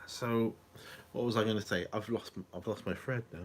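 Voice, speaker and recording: A man's voice: on the low side, steady tone, moderate pace. A middle-aged man chatting casually to camera at home, rambling, chuckling and losing his thread. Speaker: vlogger. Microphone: camera on a small tripod.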